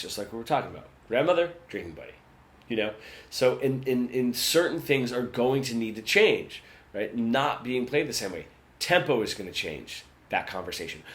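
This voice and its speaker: A man teaching guitar in a relaxed, conversational lesson, often checking in with "right?". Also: mid-range voice. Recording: roomy sound with guitar.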